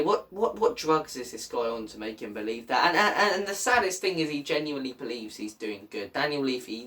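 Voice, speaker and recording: Give me a man hosting a fan channel, exasperated and angry, voice going low then loud. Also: recorded from a distance. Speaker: football fan channel host. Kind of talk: ranting fan commentary.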